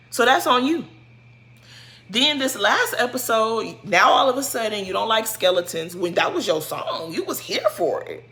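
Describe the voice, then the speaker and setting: A woman giving a casual, sassy recap of a reality show, scolding a cast member in animated slang. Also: medium pitch. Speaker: show commentator.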